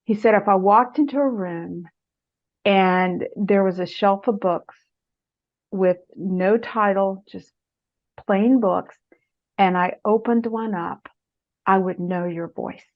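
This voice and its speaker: Animated storytelling woman, muffled recording. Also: mid-range voice, takes it slowly, long pauses. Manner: animated storyteller, acts out quotes in a raised voice. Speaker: author and guest speaker. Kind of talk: conversational interview advice. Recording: muffled lo-fi audio.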